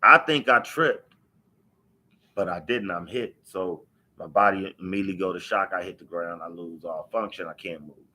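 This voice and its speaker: A man tells his life story to camera. His voice sits a little low but sounds bright and forceful. He hammers points home by repeating them and swears freely. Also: steady tone, fairly quick. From Los Angeles. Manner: emphatic, repeats key phrases, profane street talk. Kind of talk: unscripted personal storytelling.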